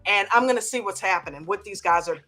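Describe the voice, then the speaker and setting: A woman's voice: mid-range voice, fast, pushed and bright, soft background music. A woman chatting on an online call, giving blunt, emphatic encouragement. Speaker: trading community member. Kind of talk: casual chat.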